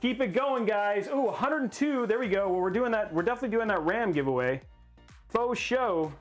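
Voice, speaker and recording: A man hosting a casual livestream while building a PC, excitable and rambling as he hypes the viewers' goals. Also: high-pitched, fast, faint music behind.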